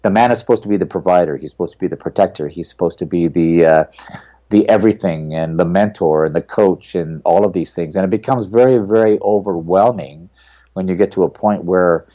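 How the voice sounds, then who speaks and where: A middle-aged man with a deep, mellow voice speaks as an author being interviewed. His manner is earnest and reflective, taking his time over personal stories. The tone stays low and relaxed throughout. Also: brisk. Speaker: author and guest. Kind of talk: podcast interview.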